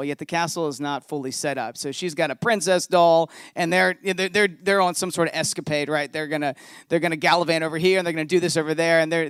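Male pastor, thirties, slightly high voice, relaxed storytelling sermon. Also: smooth, dry recording, studio quality.

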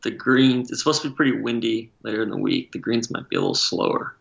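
A man's voice: medium pitch, fast, creaky, fairly bright tone, highs cut off. A man co-hosting a casual sports talk podcast, joking and opinionated. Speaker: podcast co-host.

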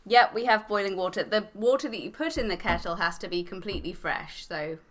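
A woman's voice: medium pitch, fairly quick, a bit bright. A woman from England, a podcast guest, explaining step by step in a matter-of-fact casual chat.

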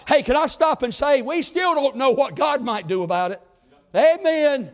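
A man preaching a revival sermon in a fervent, folksy style. His delivery swings between loud exclamations and low, drawn-out asides. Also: animated. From southern United States. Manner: folksy, plain-spoken country talk.

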